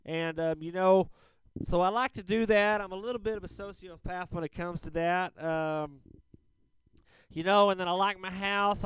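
A man plays a crude, bragging rich caller with a fake Southern drawl. The voice sits high and sounds very clear and smooth, recorded dry and close. He rambles in a folksy, boastful way. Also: a bit bright, dry recording. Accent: fake Southern American drawl. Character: brash rich man caller, going through divorce. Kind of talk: comedic prank call-in sketch.

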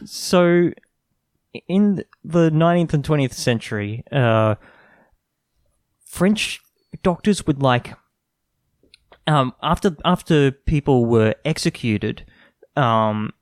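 A man's voice: medium pitch, animated, slow, pauses often, dry recording, studio quality. A man co-hosting a casual comedy podcast, explaining odd facts playfully. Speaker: podcast co-host.

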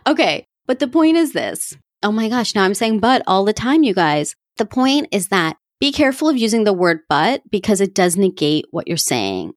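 A woman's voice: lowish voice, no echo, clean studio sound. A woman hosting a podcast, giving casual self-help advice in a chatty, coaching way, often laughing at herself and talking straight to her listeners. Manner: coaching, addresses listeners directly. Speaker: podcast host.

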